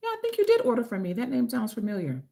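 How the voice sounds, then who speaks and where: Very fast and full of wildly swooping pitch, her high-leaning voice carries vocal fry and a warm tone. This host and author streams casually from her kitchen-equipped home under a ring light, affectionately calling viewers honey and greeting them by name.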